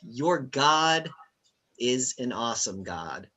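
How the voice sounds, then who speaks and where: Bright-voiced male game master. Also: mid-range voice, lively intonation, slow. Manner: casual, rambling with fillers and laughs. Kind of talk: narrating a tabletop game.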